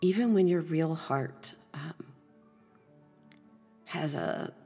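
A woman hosting a podcast, giving a gentle motivational talk, soft and often dropping to a breathy half-whisper. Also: sits low, very slow, long reverb tail, faint music behind. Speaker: podcast host.

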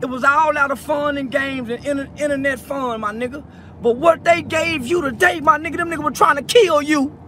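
A choked-up man talks in a strikingly high, strained voice, circling back over the same words as he lectures and consoles someone. He is recorded in a car, and traffic and street noise are plainly heard behind him. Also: brisk, bright, forceful tone. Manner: tearful, repetitive, preachy. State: teary, choked up. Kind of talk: emotional address to a viral video subject. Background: traffic and outdoor ambience.

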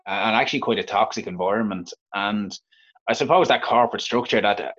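A man with a Dublin Irish accent speaks in a lowish voice, frank and unpolished, stumbling over restarts and fillers as he tells his own story in an interview. The recording sounds dull and lo-fi. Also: quick pace, a bit bright. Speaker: interview guest. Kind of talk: candid personal storytelling.

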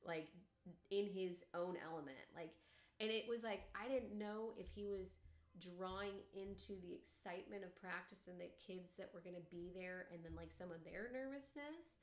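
A middle-aged woman, a podcast co-host, chatting casually and telling stories with lively acted-out quotes. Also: lowish voice, moderate pace. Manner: animated storyteller, acts out quotes loudly. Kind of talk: casual chat. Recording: echoey room.

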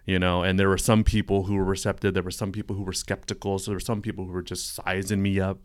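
A man's voice: deep voice, level tone, fast talker. A man from California, a podcast guest, telling his story in an earnest, reflective way during a casual interview. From Stockton, California. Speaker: podcast guest, coworking space owner.

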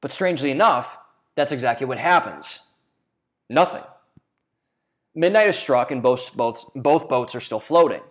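A man's voice: medium pitch, lively intonation, moderate pace, pauses often. Man, mid-range voice, essayist narrating from a script; earnest, casual asides, occasional restarts. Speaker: video essayist. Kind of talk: reading a scripted video essay.

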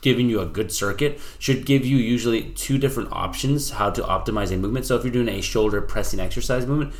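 A man talks fast in a relaxed podcast conversation about training. He is a personal trainer, and he runs his sentences together with plenty of fillers and restarts. His pitch sits in an ordinary middle range. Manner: fast, loose talk full of "like" and restarts. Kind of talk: casual podcast chat.

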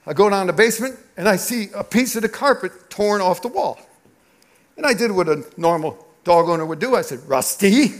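Man, high voice, pastor, sermon, animated storytelling, confessional. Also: brisk.

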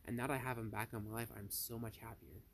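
A man's voice: medium pitch, fairly even intonation, fast talker, a bit bright, a little hiss or hum. A young man at home, telling a heated, profane story to his viewers in a rambling, casual way. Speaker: vlogger.

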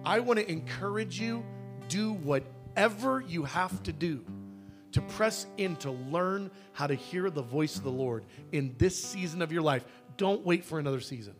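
A man's voice: high-pitched, normal speed, faint music behind. A man preaching a sermon, telling personal stories and acting out the dialogue in them with animation. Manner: animated storyteller, acts out dialogue.

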